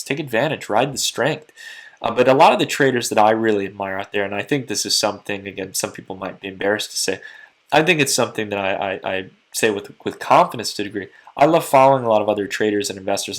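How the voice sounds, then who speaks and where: A man hosting a crypto market commentary channel, talking quickly and earnestly to his viewers late at night, a little tired. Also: on the low side, fairly bright tone. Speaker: crypto market analyst host. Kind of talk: casual market commentary to camera.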